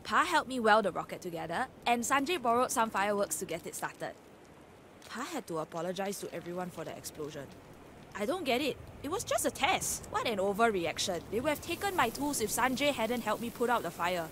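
A woman's voice: on the high side, very animated, brisk, a bit bright. A stubborn young girl inventor. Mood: matter-of-fact. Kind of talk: game voice acting. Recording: game audio under rain and stream noise.

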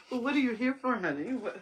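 An actress playing a flamboyant, theatrical former stage performer who teases and flirts in a TV series clip. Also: female voice, a little high, sing-song, normal speed, slightly rough, lo-fi sound. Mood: teasing. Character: flamboyant older woman, a former stage performer in a small town. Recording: TV clip with background hiss.

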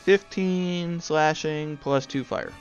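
A man playing a tabletop game, upbeat and a little rushed. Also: a little high, creaky, highs cut off, faint music behind. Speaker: player.

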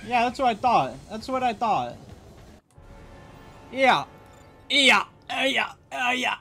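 A man's voice: big pitch swings, slow, vocal fry, soft background music, exaggerated voice. A man doing a cocky trash-talking alien. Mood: taunting. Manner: boastful, taunting, high and loud. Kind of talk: in-game trash talk.

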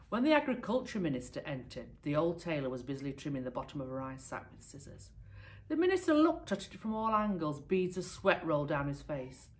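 A primary school teacher reading a picture book aloud to her pupils. Her woman's voice sits low and is expressive and lively as she tells the story. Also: brisk. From United Kingdom.

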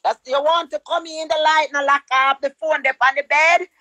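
A Jamaican woman ranting loudly into her phone in patois, cursing, shouting and chanting. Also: high voice, fairly even intonation, moderate pace, no room sound, rough recording.

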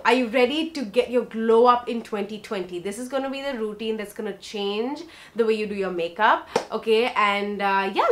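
A young woman records a casual makeup tutorial vlog, speaking straight to her viewers. Her voice sits a little high, and she talks in a bubbly, chatty way. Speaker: beauty vlogger.

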